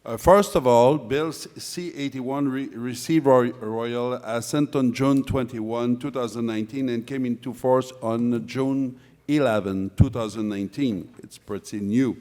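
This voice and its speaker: A man with a French Canadian accent, whose first language is French, giving a halting, joking conference talk full of fillers in a large room. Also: mid-range voice, fairly even intonation, darkish tone. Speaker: conference speaker, board chair. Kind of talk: conference presentation. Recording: long reverb of a hall.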